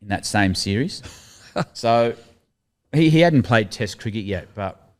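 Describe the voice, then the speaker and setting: A middle-aged Australian man telling lively anecdotes as a podcast guest, laughing through his stories and acting out the lines of people he quotes. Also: lowish voice, measured pace. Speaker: guest, former cricketer. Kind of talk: casual storytelling chat.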